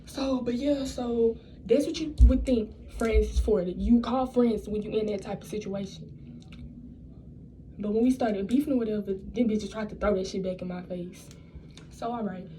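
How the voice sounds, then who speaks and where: A woman's voice: medium pitch, fairly even intonation, moderate pace, warm tone, slight background noise, poor audio. A young woman telling a personal story in a casual storytime vlog, blunt and profane, rambling and restarting her sentences. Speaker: vlogger.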